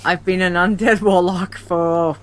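A woman's voice: on the low side, fairly even intonation, unhurried. A woman guest on a gaming podcast, telling stories in a giggly, rambling way over a remote call. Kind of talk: casual chat about gaming.

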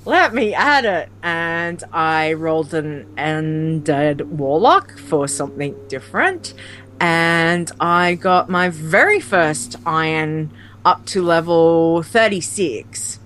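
A woman's voice: sits low, slow, fairly bright tone, slight background noise. A woman guest on a gaming podcast, telling stories in a giggly, rambling way over a remote call. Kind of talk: casual chat about gaming.

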